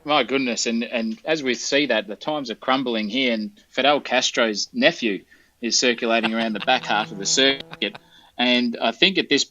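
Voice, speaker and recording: A man co-commentating a sim race from a hotel room, jokey and excitable. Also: medium pitch, dull audio.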